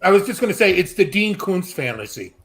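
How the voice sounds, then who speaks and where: Animated, profane middle-aged man. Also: high voice, brisk. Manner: animated, profane storytelling with quoted voices. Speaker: panel guest. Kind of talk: casual panel discussion.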